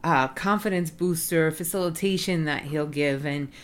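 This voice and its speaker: A woman's voice: low voice, normal speed. A woman in casual conversation, talking earnestly with lots of "like" and "you know". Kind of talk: casual podcast chat.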